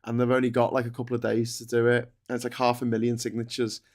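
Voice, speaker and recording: A man co-hosting a news talk stream over a video call, joking and chatty with quick asides. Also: mid-range voice, monotone. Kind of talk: casual live-stream chat.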